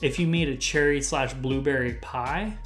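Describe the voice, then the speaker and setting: With soft music playing behind him, a man reviews whiskey on his own channel, speaking at a normal speed in a medium-pitched, somewhat bright voice. His tasting notes come out as casual, rambling lists loaded with "like" fillers.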